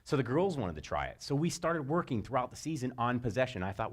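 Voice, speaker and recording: A middle-aged man delivers a motivational coaching talk, his voice sitting at an ordinary pitch but swinging up and down with energy. He tells stories animatedly and pops into high, shouted voices for the people he quotes. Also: big pitch swings, quick pace, few pauses, slightly rough. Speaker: speaker. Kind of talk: motivational talk to sports parents.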